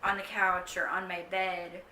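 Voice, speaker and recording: A woman's voice: lowish voice, little pitch movement, a little slow, pushed and bright, recorded from a distance, a little hiss or hum. A young woman vlogging a casual pregnancy update to camera, chatty and rambling with lots of ums. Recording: echoey room, mic set back.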